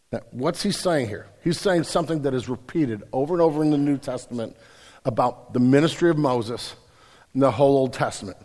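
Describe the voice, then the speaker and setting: A man preaching a sermon, talking in a casual, storytelling way and rising to forceful emphasis. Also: medium pitch, a little fast. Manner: conversational preaching with anecdotes, builds to forceful emphasis. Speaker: pastor. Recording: long reverb of a large hall.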